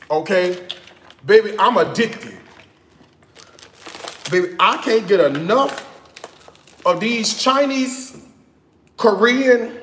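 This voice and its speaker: Sassy, animated man in an echoey kitchen. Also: high voice, slight background noise. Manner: animated, sassy and chatty, bursts of laughter. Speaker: cooking vlogger. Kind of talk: casual chat.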